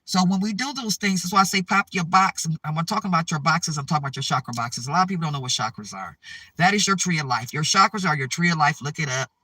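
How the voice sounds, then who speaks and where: A man with a high, bright voice delivers an urgent spiritual talk straight to his viewers, circling back to the same warnings and tagging lines with "okay?". The sound is dry and he sits a little back from the mic. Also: fast talker, dry recording, recorded from a distance. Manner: repetitive, urgent, keeps checking in with "okay?". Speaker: spiritual advice channel host. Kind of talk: preachy spiritual monologue to viewers.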